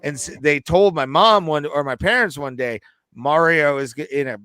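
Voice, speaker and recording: A man in his thirties, a podcast co-host telling a long, animated, profane story in casual chat. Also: a little high, moderate pace, clear, resonant tone.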